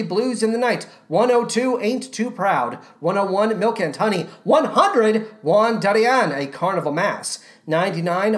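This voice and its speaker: A woman podcast host reading out a long ranked countdown in a brisk, theatrical, sing-song way. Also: mid-range voice.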